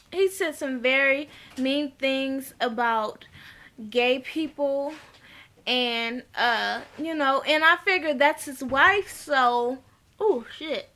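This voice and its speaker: A high, bright-voiced woman talking through a reality show episode in a relaxed, unhurried way. She is blunt and chatty, swears freely and slips into the voices of the people she quotes. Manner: chatty, acts out quoted dialogue, laughs often. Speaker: TV recap vlogger. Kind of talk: casual reality-show recap.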